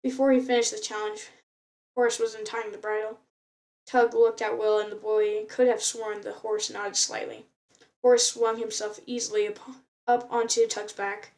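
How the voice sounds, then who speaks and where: A woman's voice: mid-range voice, moderate pace, a little mellow, recorded from a distance. A woman reading a novel aloud in an unpolished way, often stumbling and restarting words. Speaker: reader.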